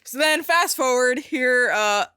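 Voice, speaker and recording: Bright-voiced woman gushing over a movie. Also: sits high, a little slow, clear, resonant tone, no echo, studio quality. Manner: excited, profane retelling with lots of fillers. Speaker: podcast host. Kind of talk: casual movie recap.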